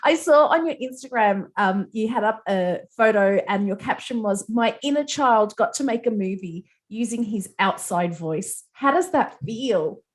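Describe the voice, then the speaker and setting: A woman hosting an entertainment interview, effusive and quick to laugh. Her voice sits at an average pitch. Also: animated.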